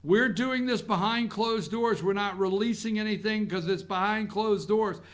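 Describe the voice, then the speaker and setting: A man hosting a talk show monologue, animated and blunt, swinging from loud outbursts to low muttering. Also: normal speed.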